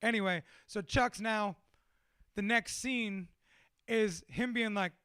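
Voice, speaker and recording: A man's voice: high voice, slow, smooth, no echo, clean studio sound. A man, a tattoo artist, telling stories in a casual chat, swearing constantly and laughing as he goes. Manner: profane, animated, laughs through his stories. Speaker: tattoo artist and podcast guest.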